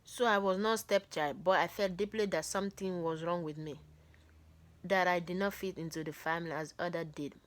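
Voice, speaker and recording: A woman's voice: fairly low pitch, fairly even intonation, normal speed. Woman reading a book aloud. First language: not English. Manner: breaks off reading to comment and joke. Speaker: book reader.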